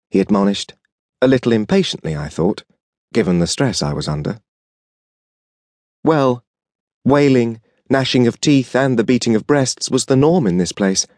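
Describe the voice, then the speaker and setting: A man narrating a first-person audiobook, with an expressive, wry, emotive reading. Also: mid-range voice, no echo, clean studio sound.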